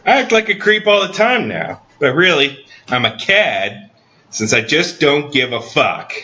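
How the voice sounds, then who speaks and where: A man talks through a deadpan comedic monologue in a bright, forceful voice. His delivery is dry and mock-serious. The recording is slightly dull and lo-fi. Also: on the high side, measured pace. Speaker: comedy podcast host.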